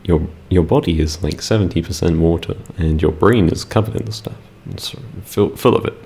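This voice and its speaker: A young British man with a very low, dark, mellow voice, chatting with his stream's chat at an unhurried pace. He is laid-back and giggly and rambles through fillers, over a faint hiss behind him. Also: vocal fry. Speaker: ASMR streamer. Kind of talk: casual live-stream chat, reading chat.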